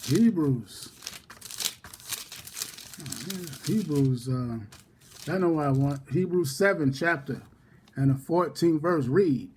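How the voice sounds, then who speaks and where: A man with a husky, somewhat high voice leads a relaxed scripture study. He calls out each chapter and verse more than once, then reads the passage slowly and deliberately. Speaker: Bible study teacher.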